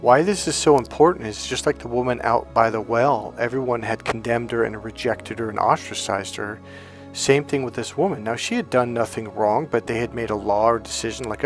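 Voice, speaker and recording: A man coaching online, retelling a story in a blunt, animated, casual way with frequent fillers and swearing. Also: medium pitch, a little fast, soft background music.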